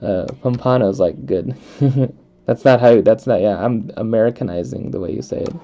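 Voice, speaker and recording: A man's voice: lowish voice, moderate pace, dark tone. A young man from the United States chatting casually while playing a video game, rambling with lots of fillers and frequent laughs. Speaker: let's play host. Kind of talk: casual chat while gaming. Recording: dull lo-fi microphone.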